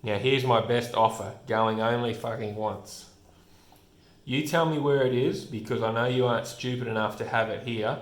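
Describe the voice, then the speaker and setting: A man's voice: mid-range voice, fairly even intonation, moderate pace, lightly acted. A man reading out the lines of a menacing male gang thug, coldly threatening, in a roomy echoing space. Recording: roomy echo.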